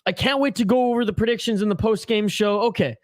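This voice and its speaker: A man hosts a hockey watch-along live stream, casually chatting, ranting and commenting on the game with viewers. His voice is high-pitched and fast, with studio-quality sound and no echo.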